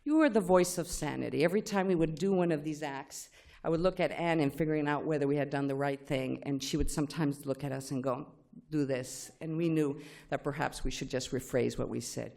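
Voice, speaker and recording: A middle-aged woman whose first language is Spanish, giving a lively personal tribute speech with acted-out quotes. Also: low-pitched, fairly quick, creaky. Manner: animated storytelling with acted-out quotes. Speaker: speaker at a tribute event.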